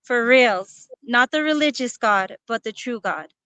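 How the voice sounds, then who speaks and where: Smooth-voiced woman telling a personal story. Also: fairly high pitch, lively intonation, measured pace, sharp tone, dry recording. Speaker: guest.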